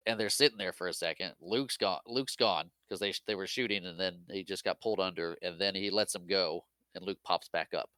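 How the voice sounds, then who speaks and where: A man's voice: low-pitched, bright, forceful tone, no echo. A man co-hosting a podcast, chatting casually about a film and sharing fun facts. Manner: chatty, shares fun facts, quick laughs. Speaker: podcast co-host. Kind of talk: casual movie recap chat.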